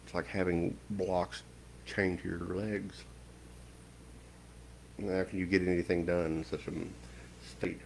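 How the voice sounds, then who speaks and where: A man giving a slow, stern spiritual lecture with long pauses, preaching in a measured voice. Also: sits low, flat delivery, vocal fry, a little hiss or hum, poor audio. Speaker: occult teacher.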